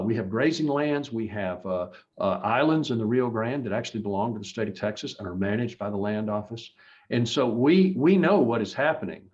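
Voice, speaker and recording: A man's voice: medium pitch, darkish tone, highs cut off. A man running for office, answering interview questions in an earnest, emphatic way with frequent restarts. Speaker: political candidate.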